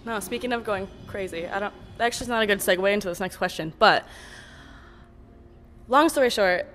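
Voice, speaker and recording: A woman's voice: mid-range voice, brisk, a bit bright, long reverb tail, soft background music. A young American woman interviewing a band backstage, chatty and laughing often. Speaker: music interviewer. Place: backstage at a music venue.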